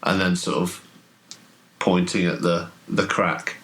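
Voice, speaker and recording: A man with a very low voice who narrates a horror tabletop game as game master. He describes scenes haltingly, stopping and restarting as he goes. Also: little pitch movement, fairly bright tone, rough recording. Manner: hesitant, halting description full of fillers.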